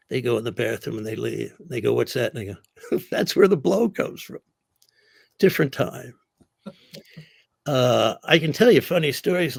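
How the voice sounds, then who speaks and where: Gravelly man spinning wild stories. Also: mid-range voice, no echo. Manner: gravelly, dry storyteller acting out other people's lines. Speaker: comedian telling stories. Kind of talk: casual storytelling.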